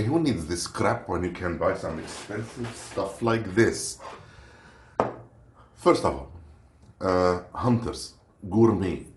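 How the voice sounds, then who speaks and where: A man from Lebanon, rambling and joking through a casual snack review and stopping to hunt for words. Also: on the low side. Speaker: unboxing vlogger. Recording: roomy echo with faint noise.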